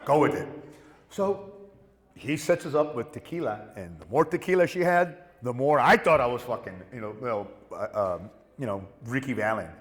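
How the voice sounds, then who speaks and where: Man, convention guest, lively swinging pitch, salty storytelling, big echoey hall. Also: moderate pace. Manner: animated, acts out the people in his stories. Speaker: guest actor on a convention panel. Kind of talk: profane anecdotal storytelling. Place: convention panel room.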